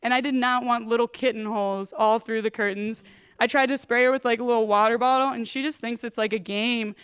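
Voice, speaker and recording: A woman's voice: fairly high pitch, steady tone, a little fast, a bit bright, clean tone. A woman in her thirties performing a rambling, self-deprecating stand-up comedy set on stage. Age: 30s.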